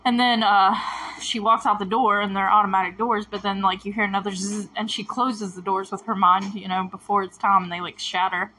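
A woman's voice: mid-range voice, flat delivery, fairly quick, bright, forceful tone, a little hiss or hum. A woman giving a casual, emotional reaction commentary, rambling with sighs and stammered restarts. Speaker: show reviewer.

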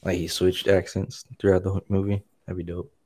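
A man's voice: deep voice, monotone, a little fast, dark tone. A man in casual chat with a dry, teasing manner.

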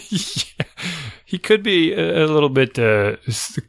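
A man's voice: on the high side, very animated, takes it slowly, creaky, smooth, no room sound, clean studio sound. A man co-hosting a casual chat, telling a rambling story about his son and laughing easily. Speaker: podcast co-host.

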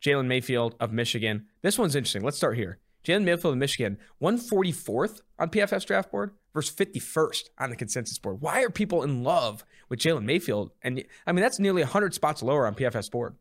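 Fast-talking young man chatting sports. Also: medium pitch. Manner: fast, joking, excitable. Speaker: podcast host, content director. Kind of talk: casual sports chat.

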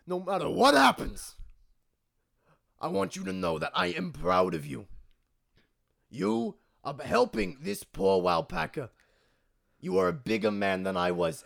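Sentimental father bear with a gravelly edge, corny and earnest, as a man plays him. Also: high-pitched, a bit bright, exaggerated voice. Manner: corny, earnest dad jokes and pep talk.

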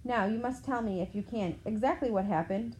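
A woman voicing a weary, wise old male centaur teacher who speaks calmly and firmly. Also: a little high, slight background noise, close to an everyday voice, low-quality recording. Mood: grave. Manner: calm, measured, gently firm.

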